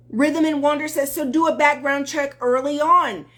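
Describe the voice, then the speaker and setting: A woman's voice: high-pitched, fairly even intonation, moderate pace, hardly any pauses, fairly bright tone. A woman dating coach talking on a live stream, earnest and emphatic, greeting viewers as they join.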